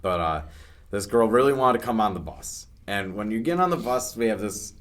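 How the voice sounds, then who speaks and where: A man who is a guest on a podcast, telling a band story in a casual, animated way, swearing freely and restarting often. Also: fairly low pitch, fairly quick.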